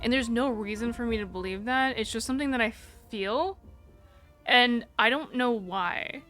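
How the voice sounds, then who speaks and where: Bright-voiced young woman rambling candidly. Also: a little high, normal speed, faint music behind. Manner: rambling, candid, fillers like "like" throughout; swears casually. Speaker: live streamer. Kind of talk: casual storytelling and chat reading.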